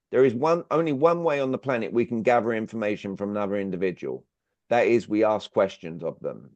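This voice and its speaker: A man's voice: mid-range voice, darkish tone, dry recording. Guy coaching a group online, keeps asking questions, dry dull call audio. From Britain. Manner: engaging, asks the audience frequent questions. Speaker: clarity coach. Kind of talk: interactive online workshop talk. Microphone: video call.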